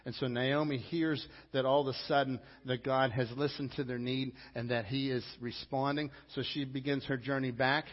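A man's voice: medium pitch, little pitch movement, moderate pace, hardly any pauses. A male pastor delivering a sermon in an emphatic, conversational way. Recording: lo-fi with long hall reverb.

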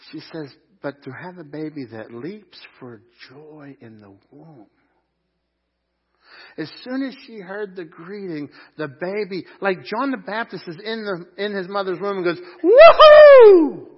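Animated preacher man, loud then hushed. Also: a little high, measured pace, slightly rough, lo-fi sound. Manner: animated, swings from loud shouts to quiet asides. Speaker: pastor. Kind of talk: sermon. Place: church service.

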